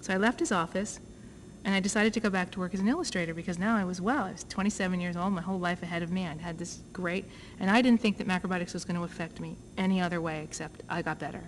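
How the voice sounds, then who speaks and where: A woman at a conference telling her own story, lively and acting out both sides of each conversation. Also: on the low side, quick pace, slight background noise, low-quality recording. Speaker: conference speaker. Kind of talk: personal story told to an audience. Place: conference talk.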